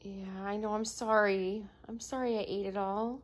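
Softly coaxing young mother. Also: medium pitch, fairly even intonation, moderate pace. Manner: soft, coaxing, repeats questions gently. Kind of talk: casual home video.

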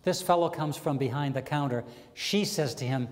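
A stand-up comedian tells his jokes as little stories. He slips into quoted voices and rambles through chatty asides. His voice sits a bit high, with a long reverb trailing off behind him. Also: normal speed, few pauses. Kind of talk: stand-up joke telling. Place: community access TV stage, live audience.

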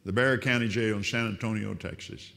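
A man's voice: on the low side, brisk, gravelly. Older preacher man in a reverberant hall. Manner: animated, repeats and restarts words. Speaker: prison minister. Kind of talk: testimony storytelling.

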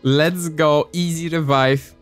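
A young man in casual gameplay commentary, excitable and joking, with playful exclamations. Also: on the high side, takes it slowly, clear, resonant tone, soft background music. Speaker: gaming youtuber.

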